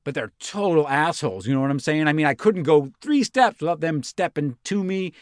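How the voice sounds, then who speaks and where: A man's voice: a little high, expressive, a little fast, dry recording, clean studio sound, lightly acted. A man voicing a breathless, rambling young Roman envoy who talks like a slang-heavy, swearing bro. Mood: breathless, excited. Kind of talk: comic reenactment in a podcast.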